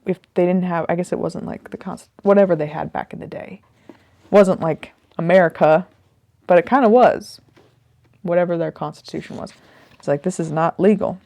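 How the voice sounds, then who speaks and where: A woman's voice: lowish voice, moderate pace, creaky, mellow, dry recording. A woman musing casually about a book she is reading, rambling and thinking aloud as she goes. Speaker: host reflecting on a reading. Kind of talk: casual spoken commentary.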